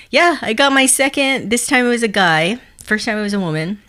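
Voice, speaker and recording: A woman's voice: fairly high pitch, lively intonation, normal speed, sharp tone. A woman co-hosting a podcast, telling stories in casual chat and chuckling as she talks. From United States. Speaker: podcast co-host.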